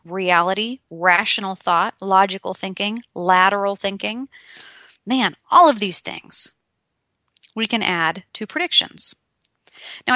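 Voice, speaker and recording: A young adult woman talks straight to the listener in a lively, emphatic motivational style. Her voice is bright and forward, and the recording is dry and close. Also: medium pitch, dry recording. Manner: emphatic, animated, addresses the listener directly. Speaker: motivational speaker. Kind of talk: direct-to-camera motivational talk.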